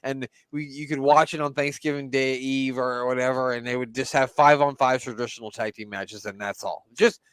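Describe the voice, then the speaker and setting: A man co-hosting a casual wrestling podcast, talking in animated, swearing bursts. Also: mid-range voice, fairly quick, hardly any pauses, smooth, no room sound. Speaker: podcast co-host. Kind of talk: casual chat.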